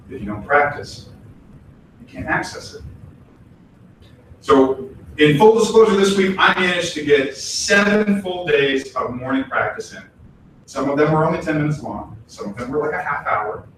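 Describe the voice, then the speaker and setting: In an echoey temple hall, a temple minister gives a casual, conversational sermon, his voice on the high side. He's animated and chatty, full of asides, and acts out voices when quoting examples. The mic is distant and there's faint background noise.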